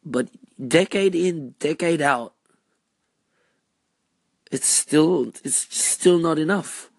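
A man giving a personal monologue, asking repeated rhetorical questions in a measured, deliberate way. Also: fairly high pitch, creaky, no echo.

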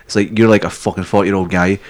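A man's voice: sits low, fairly even intonation, fast talker. A Scottish man co-hosting a podcast, rambling and swearing constantly as he jokes. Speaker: podcast co-host. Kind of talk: crude casual chat.

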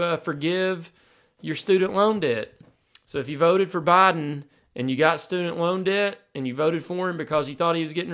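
A man hosting a podcast with an opinionated, sarcastic edge. He rants and piles up rhetorical questions. His voice sits a little high. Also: a bit bright. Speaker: sports podcast host.

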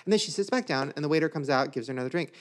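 Young man, podcast host, lively swooping pitch, casual storytelling, does voices. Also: rapid-fire. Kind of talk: casual chat.

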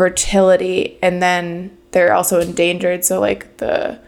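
Brief: young woman podcast co-host, low gravelly voice, loose chatty delivery full of fillers. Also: flat delivery, measured pace. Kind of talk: casual chat.

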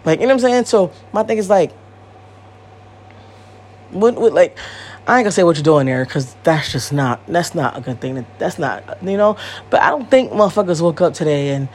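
A woman's voice: fairly low pitch, animated, moderate pace, darkish tone, a little hiss or hum. A woman in her thirties hosting a podcast, talking in a blunt, profane and rambling way, repeating herself. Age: 30s. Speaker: podcast host. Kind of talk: casual monologue.

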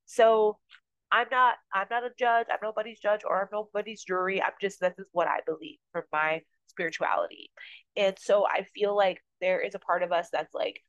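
A woman's voice: mid-range voice, steady tone, brisk, fairly bright tone, dry recording, muffled recording. A woman hosting a podcast, talking earnestly and a bit rambling about her spiritual life. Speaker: podcast host. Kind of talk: casual spiritual talk.

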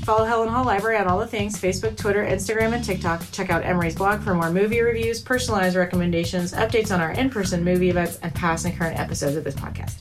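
A woman's voice: mid-range voice, music in the background. A woman hosting a library movie podcast, chatting casually and reading out the closing plugs. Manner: measured, wraps up the show. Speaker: podcast host. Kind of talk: casual chat about movies.

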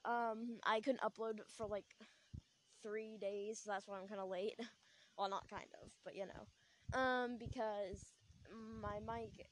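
A woman's voice: mid-range voice, steady tone, a little slow, a little hiss or hum. A young woman hosting a podcast, chatting casually in a rambling, giggly way full of filler words, recorded on a small clip-on lapel mic. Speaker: podcast host. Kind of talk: casual chat.

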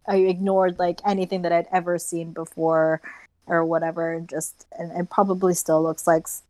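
A young woman with an American accent talks in a loose, chatty way, full of fillers and laughter. Her voice sits on the low side, and the recording is dry and close. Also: level tone, normal speed, a little mellow, no room sound, low-quality recording. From United States. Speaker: guest, travel blogger. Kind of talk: casual chat.

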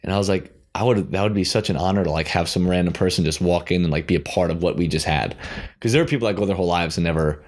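A man's voice: deep voice, fast talker. A man hosting a podcast, telling a story casually with lots of restarts and fillers. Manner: rambling, with many restarts and fillers. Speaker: podcast host.

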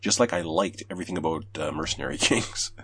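A man's voice: low voice, expressive, quick pace, vocal fry, a bit bright, slight background noise. A man hosting a casual gaming podcast, reading out news and giving blunt, opinionated takes with plenty of swearing.

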